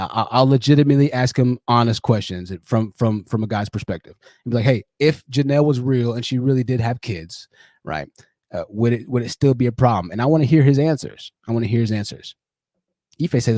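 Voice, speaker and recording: A fast-talking young man hosting a laid-back livestream and chatting straight to his viewers. His voice is mellow and rather dark, and he often repeats a phrase for emphasis. The sound is dry and close, with little room in it. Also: mid-range voice, no echo. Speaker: livestream host. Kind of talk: casual livestream chat.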